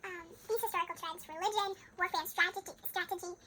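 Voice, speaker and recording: A young woman giving a casual history presentation, chatty and giggly, with many ums and quick asides. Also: extremely high pitch, steady tone, bright, forceful tone, slight background noise, low-quality recording. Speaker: student presenter.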